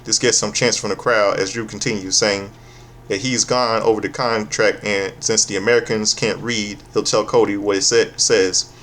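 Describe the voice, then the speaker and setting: A man's voice: fairly low pitch, steady tone, moderate pace, a bit bright, a little hiss or hum. A man giving a casual, profane, sarcastic recap of a wrestling show, often stopping and restarting his sentences.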